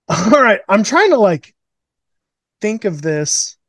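A man's voice: high-pitched, takes it slowly, no echo. A man hosting a podcast, riffing casually over a video call with profanity and mock quotes. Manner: profane, rambling, animated storytelling with mock quotes. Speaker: podcast host. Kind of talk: casual fantasy booking chat.

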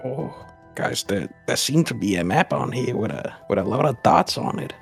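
A man playing a tabletop game, calmly talking and often repeating words as he starts a phrase. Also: medium pitch, moderate pace, gravelly, faint music behind. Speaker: player. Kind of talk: casual tabletop game chat.

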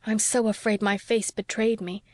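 A woman's voice: medium pitch, flat delivery, normal speed, no room sound, close to an everyday voice. A woman voicing a restless, passionate young woman in anguish, read with fervent, pleading delivery in an audiobook. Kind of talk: audiobook character reading.

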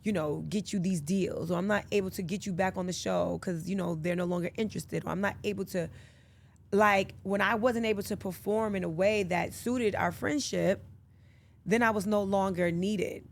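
A woman's voice: mid-range voice, normal speed, gravelly. A woman guest in casual interview chat, who tells stories animatedly and acts out the lines she quotes. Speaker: podcast guest.

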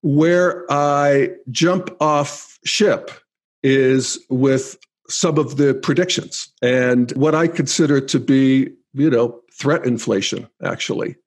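A man hosting his own podcast, talking through listener comments in a thoughtful, measured way with pauses. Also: medium pitch. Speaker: podcast host. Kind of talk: reflective solo podcast monologue.

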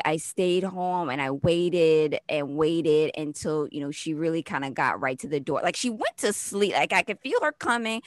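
A woman's voice: fairly low pitch, no room sound. A woman, a mother of two, telling her birth stories in casual chat and acting out what others said. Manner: animated storyteller, acts out quoted voices.

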